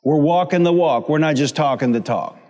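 Man, pastor, sermon, call-and-response, slightly high pitch, long church reverb. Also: fairly quick, darkish tone, dull audio. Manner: preaching with humor and repetition, calls for audience responses. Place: church sanctuary.

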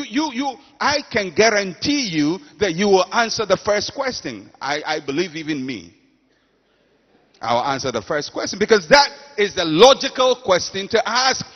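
Man, pastor, emphatic sermon, high lively voice, long hall echo, muffled sound. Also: moderate pace, slightly rough. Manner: emphatic preacher, calls for congregation responses, acts out quotes.

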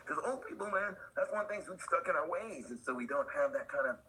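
A man's voice: on the high side, expressive, fast, bright, forceful tone, breathy edge, poor audio. An older man, a skateboard company owner and podcast guest, telling rambling stories in casual conversation with lots of fillers. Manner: rambling, loose and anecdotal with many fillers.

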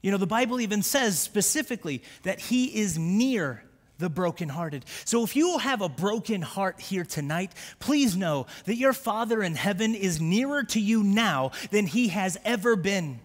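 A male pastor preaching a sermon in a church. He is impassioned, swinging from shouted prayer to quiet, confiding talk. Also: high-pitched, lively intonation, normal speed. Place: church sanctuary. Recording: long hall reverb from a church.

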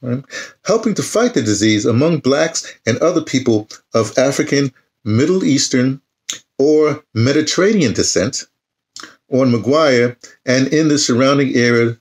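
A man's voice: mid-range voice, expressive, unhurried. A man in his sixties reads an old newspaper article aloud, breaking off into rambling asides and restarts. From United States. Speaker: YouTube channel host. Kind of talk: casual reading and commentary.

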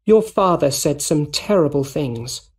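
An earnest young woman speaks with feeling, her voice lifted, as a man reads her lines. The tone is husky and the pace slow. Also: on the high side, expressive, voice pushed up, full character voice. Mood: reproachful.

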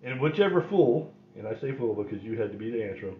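A middle-aged man tells a rambling story in a wry, dry way and chuckles often. His voice sits in an ordinary middle pitch. The recording is roomy and a bit dull. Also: lively intonation, fast talker. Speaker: host. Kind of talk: casual storytelling.

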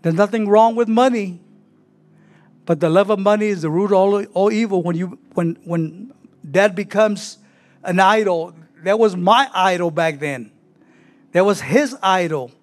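Pastor, middle-aged man, high-pitched and unhurried, emotional, halting sermon delivery. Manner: slow, emotional preaching with halting restarts. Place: church sanctuary.

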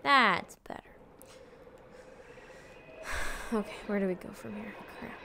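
A woman's voice: medium pitch, slow, vocal fry, noisy background. A woman giving casual, chatty let's-play commentary while streaming a game, exclaiming and joking at herself. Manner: chatty, exclaiming, self-deprecating.

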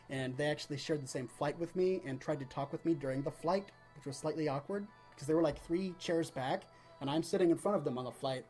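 A man hosting a casual live web talk show, telling stories in a chatty, animated way. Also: on the high side. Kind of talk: casual live webcast chat.

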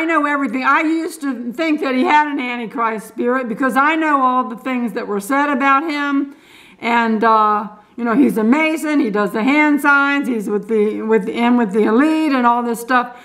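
A woman's voice: high-pitched, fairly bright tone. An older woman, chatting fervently to her viewers about faith and praising God. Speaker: Christian video blogger. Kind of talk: casual chat to camera.

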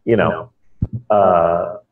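A man's voice: low voice, steady tone, extremely slow. A man in casual interview chat, a comics writer guest, rambling through stories with many fillers and restarts. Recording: echoey, distant, dull lo-fi audio.

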